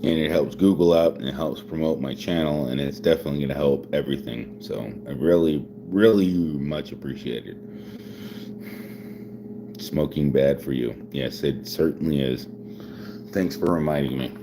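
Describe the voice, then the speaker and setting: A man's voice: extremely low pitch, moderate pace, background noise. A man in his forties chatting casually on a live stream, rambling and repeating himself, chuckling often, with a few drinks of whiskey in him. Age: 40s. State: drinking whiskey while talking.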